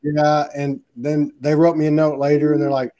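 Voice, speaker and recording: A man's voice: on the high side, level tone, normal speed, warm tone. Laid-back man in casual chat. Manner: laid-back, says "man" and "you know", acts out quotes. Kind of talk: casual conversation.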